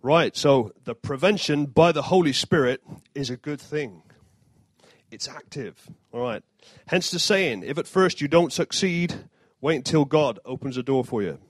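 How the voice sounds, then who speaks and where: A man's voice: on the high side, animated, measured pace, no room sound. A man giving an informal sermon, mixing scripture with jokey asides and self-deprecating humor. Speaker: preacher.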